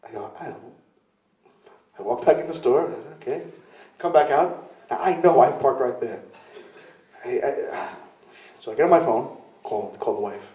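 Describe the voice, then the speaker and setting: A man's voice: medium pitch, normal speed, pauses often. A man in a casual interview, telling rambling self-deprecating stories and acting out the voices of the people in them. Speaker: interviewee, wrestler. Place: club in London. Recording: roomy, distant, dull lo-fi camcorder sound.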